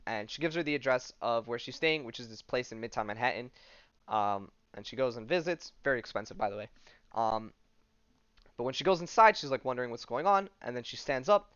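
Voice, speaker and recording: A podcast host recaps a comic book casually and ramblingly, full of "like" and "um," loosely paraphrasing the dialogue. His mid-range voice is animated, brisk, a bit bright, clear and resonant. There's no room sound, and the high frequencies are cut off.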